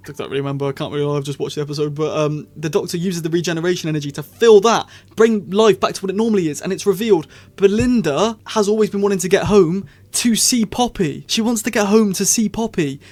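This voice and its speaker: A man giving a casual, rambling spoken review, opinionated and full of restarts and quick laughs. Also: high voice, a little mellow. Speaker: show reviewer.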